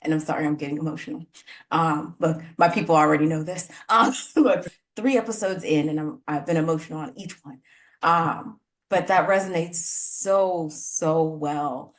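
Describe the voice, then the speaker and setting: Low-voiced emotional woman podcast host. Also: normal speed. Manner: effusive and emotional, many fillers and apologies. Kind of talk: casual podcast interview.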